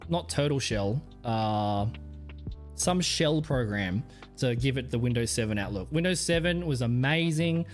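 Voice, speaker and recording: A man's voice: medium pitch, expressive, measured pace, soft background music. A man from Australia with an Australian accent, rambling crudely on a casual livestream and laughing often. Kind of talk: casual stream chat.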